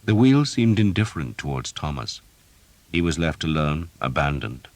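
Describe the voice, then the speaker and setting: A man reading an audiobook, in steady, measured scripted narration. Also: a bass voice, no room sound.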